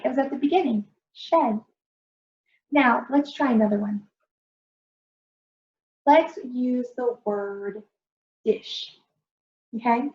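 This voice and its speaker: A woman as a patient phonics teacher, slightly high voice, roomy and dull-sounding recording. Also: a little mellow. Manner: slow, patient, encouraging, stretches out sounds. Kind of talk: early reading lesson for young children.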